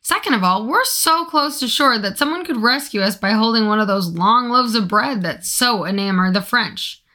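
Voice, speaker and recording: Blustering male ship captain, read by a woman, bright, higher than her usual. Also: animated, normal speed. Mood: indignant. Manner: raises voice, shouts orders.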